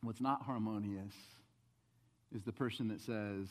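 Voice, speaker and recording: Man preaching in a reverberant hall. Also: measured pace. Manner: swings from loud emphatic rises to soft low asides. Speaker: pastor. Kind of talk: sermon. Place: church sanctuary.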